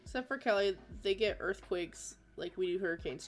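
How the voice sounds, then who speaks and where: A woman from Florida in her thirties, talking with viewers on a drawing livestream. She is chatty and giggly, and her voice sits at an ordinary pitch for a woman. Faint music plays underneath. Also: moderate pace, few pauses. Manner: chatty, laughs often, reads chat aloud. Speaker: livestream artist host. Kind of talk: casual livestream chat.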